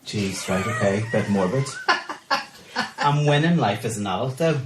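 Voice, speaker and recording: A man co-hosting a podcast in casual chat, croaky from a cold and joking about himself. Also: lowish voice, lively intonation, unhurried, echoey room, very noisy. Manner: joking, self-mocking. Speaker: podcast co-host.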